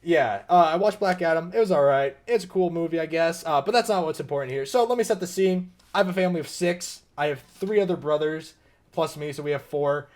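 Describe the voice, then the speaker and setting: A young man co-hosting a podcast tells stories in casual chat, animated and laughing a lot. His voice is fairly high and he speaks fairly quickly.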